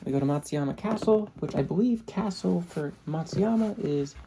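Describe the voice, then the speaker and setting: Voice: medium pitch, animated, normal speed, background noise. An ASMR creator telling a travel story in a chatty, casual way. The speaker laughs often and drops in short Japanese phrases.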